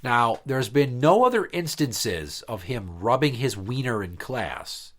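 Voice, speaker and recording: A man hosting a podcast, telling a story bluntly in casual chat, swearing and slowing down for emphasis. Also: medium pitch, very animated, very noisy. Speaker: podcast host.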